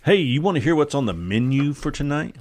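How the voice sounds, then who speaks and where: A man's voice: on the high side, expressive, brisk, no room sound. A man hosting a casual podcast, joking with friends and using many fillers. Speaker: podcast host.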